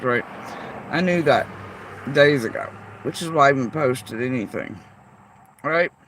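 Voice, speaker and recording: Heated, profane woman venting on a livestream. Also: low-pitched. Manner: heated, profane, confrontational, rapid-fire rhetorical questions. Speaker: vlogger. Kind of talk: livestream rant addressing chat.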